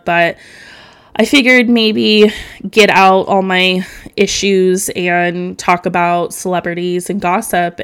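A woman's voice: medium pitch, a bit bright, clear, resonant tone. A young woman hosting a solo podcast, rambling and emotional, tearful at times, swearing casually and filling gaps with ums. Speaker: podcast host.

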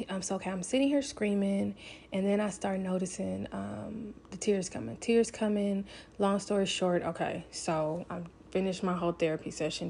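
Gravelly-voiced woman telling a personal story. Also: medium pitch, a little mellow, slight background noise. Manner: rambling, many "like" fillers, open and confessional. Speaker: vlogger.

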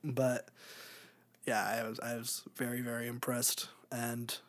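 A man co-hosting a podcast in casual chat, rambling, laughing often and trailing off into quiet filler words. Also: medium pitch, monotone, a little slow. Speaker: podcast co-host.

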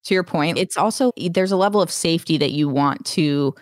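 A woman hosting a podcast in casual chat, candid and quick to laugh, swearing freely. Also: sits low, no echo, studio quality. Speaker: podcast host.

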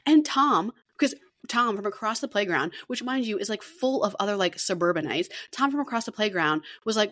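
Animated woman telling a story. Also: medium pitch, fairly quick. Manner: animated storyteller, swears freely, acts out quotes. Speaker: podcast co-host. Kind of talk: casual chat. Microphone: video call.

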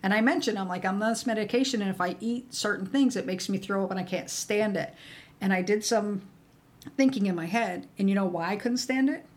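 A woman's voice: mid-range voice, a little fast. A middle-aged woman in casual conversation, telling candid stories and acting out the people she quotes. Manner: candid storyteller, acts out quoted dialogue. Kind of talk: casual chat.

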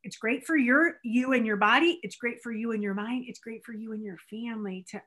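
A woman's voice: a little high, fairly quick, sharp tone. Encouraging woman host. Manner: encouraging, affirming. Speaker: host, coach. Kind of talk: podcast interview.

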